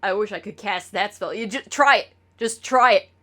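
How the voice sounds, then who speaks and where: A woman's voice: mid-range voice, moderate pace, a bit bright. A woman streamer talking casually to her chat, rambling and swearing with lots of stammered restarts.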